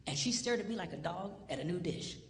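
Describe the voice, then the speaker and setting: A middle-aged pastor delivers a comedic marriage seminar with a lively, bouncing voice, teasing his audience as he tells his stories. His voice rings out through a reverberant hall, with a faint hum of room ambience underneath. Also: sits high, fast. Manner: animated storytelling, teasing the audience. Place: large hall before an audience.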